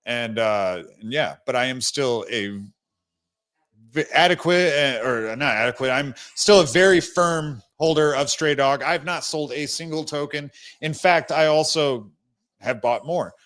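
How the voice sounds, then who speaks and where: Hiccuping and short of breath, a young man rambles bluntly through a casual crypto livestream, restarting again and again. His mid-range voice is fairly bright and unhurried.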